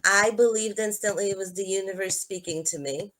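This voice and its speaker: A woman's voice: medium pitch, a little fast, a bit bright. A woman hosting a live-streamed talk show, telling personal stories in an earnest, conversational way. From Georgia. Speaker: host. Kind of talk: live-stream podcast chat.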